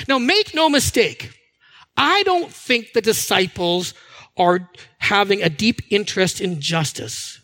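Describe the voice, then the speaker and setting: A man preaching a sermon, animated and conversational, acting out the voices of people he quotes. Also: sits high, takes it slowly. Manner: animated, acts out quoted voices, restarts words. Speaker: pastor. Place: church hall with a screen.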